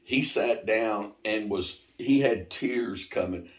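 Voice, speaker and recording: Man, middle-aged, fairly low voice, animated wry storyteller, casual swearing, echoey room. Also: slow pace. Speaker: interviewee, father of the host. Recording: roomy echo.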